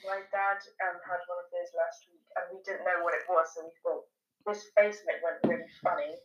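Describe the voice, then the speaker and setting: Lower-voiced woman on a dull line. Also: a little fast. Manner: relaxed storytelling with fillers. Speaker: podcast guest. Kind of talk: casual chat.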